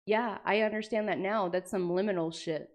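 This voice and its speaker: A young woman chats on her livestream, reading passages aloud and breaking off with animated, sweary jokes. Her talk is loose and casual, with quick reactions to the text. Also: mid-range voice. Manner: animated, swearing, jokey asides. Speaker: streamer.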